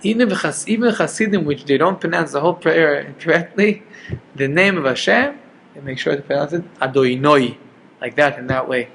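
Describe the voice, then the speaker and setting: A man teaches an informal Torah class, keeping it conversational and checking in with his listeners as he goes. His voice sits a little high and has a gravelly edge. A faint hiss of room noise runs underneath. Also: animated, brisk, a bit bright. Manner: conversational, checks in with "okay?" and "right?". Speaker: rabbi teaching Jewish law.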